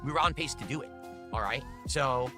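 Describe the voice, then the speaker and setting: A man's voice: mid-range voice, fairly quick, sharp tone, faint music behind. A man streaming live, talking straight to his chat and pleading over and over for support and tips. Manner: pleading, repetitive asking for support. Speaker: streamer in a played clip.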